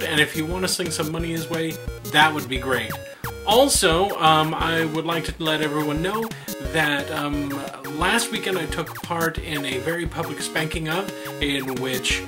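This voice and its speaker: A man hosting a comedy show, delivering casual announcements with many fillers and restarts. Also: fairly high pitch. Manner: rambling, filler-heavy delivery. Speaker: host.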